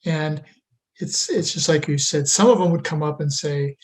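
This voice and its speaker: A man's voice: fairly high pitch, normal speed, rough recording. A man hosting an interview show, answering his guest in a casual, affirming way and sharing a story, over a video call. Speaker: host. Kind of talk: interview talk.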